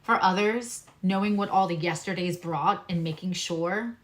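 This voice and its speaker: A woman's voice: fairly low pitch, normal speed. A woman astrologer giving a casual, earnest tarot reading, speaking straight to her viewers in a reassuring way.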